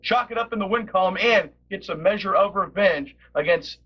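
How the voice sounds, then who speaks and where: High-pitched excitable wrestling commentator man. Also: brisk, slightly rough, dry recording. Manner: animated, teasing his co-host. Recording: dull lo-fi TV broadcast audio with noise.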